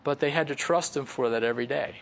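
A man's voice: mid-range voice, quick pace, creaky, a little hiss or hum. A male pastor preaching a sermon in a conversational way, with many "you know" fillers.

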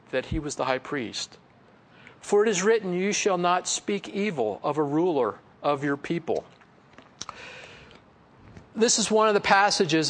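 A man's voice: on the high side, a bit bright. A middle-aged man pastor teaching through a Bible passage in a conversational way, reading verses and then explaining them with asides and chuckles.

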